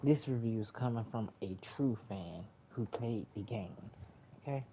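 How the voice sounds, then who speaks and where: Low and unhurried, a man's voice carries a casual movie review rant full of swearing, repetition and exasperation. It's a home recording, lo-fi and dull, with faint hiss underneath.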